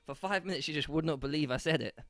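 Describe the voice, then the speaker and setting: A man's voice: a little high, fast, fairly bright tone. A young man co-hosting a casual podcast, bantering crudely and laughing often as he rambles through a story. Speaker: podcast co-host.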